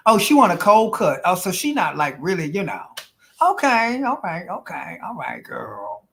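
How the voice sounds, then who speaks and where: A woman's voice: fairly low pitch, big pitch swings, moderate pace, creaky, fairly bright tone. A woman hosting a casual live stream, chatting with viewers and giving intuitive readings, calling them honey and girl. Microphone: phone.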